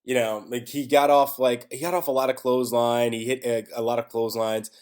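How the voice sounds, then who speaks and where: A man's voice: medium pitch, steady tone, a little fast, darkish tone. Rambling man recapping a wrestling show. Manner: rambling, with frequent restarts and self-corrections; wry and exasperated, swears casually. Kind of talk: casual solo recap.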